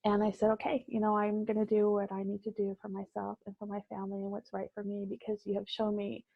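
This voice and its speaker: A woman guest sharing a personal story in conversation, reflective and halting, with many fillers. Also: medium pitch, monotone, vocal fry, dry recording, dull audio.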